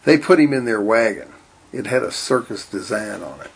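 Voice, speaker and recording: A man reading a children's-style story aloud in a deadpan, matter-of-fact way. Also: lowish voice, normal speed, creaky, breathy edge. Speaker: narrator.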